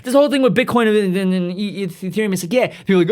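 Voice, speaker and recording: A man's voice: high-pitched, racing, hardly any pauses, darkish tone. A man hosting a podcast, ranting in a rambling, profane comedic monologue full of restarts. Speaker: podcast host.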